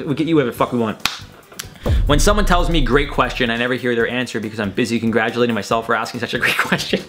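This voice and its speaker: A man's voice: medium pitch, a bit bright. A young man hosting a casual reaction video, rambling and swearing through his commentary. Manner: chatty, swearing, rambling with lots of likes. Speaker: host.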